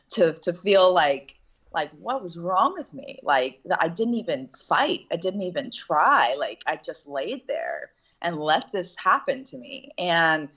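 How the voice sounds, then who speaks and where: Woman, low voice, candid personal storytelling, earnest and halting; slightly muffled recording. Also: fairly bright tone. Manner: earnest, halting, with restarts and nervous laughs. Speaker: actress and interview guest.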